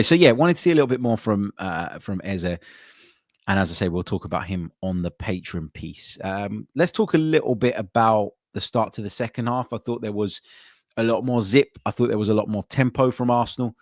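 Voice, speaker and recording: A man with a very low voice hosts a live football podcast, talking loosely and filling pauses with plenty of ums and uhs. He reacts to viewer comments as he reads them out. The sound is close and dry, with little room in it. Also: dry recording. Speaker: podcast host.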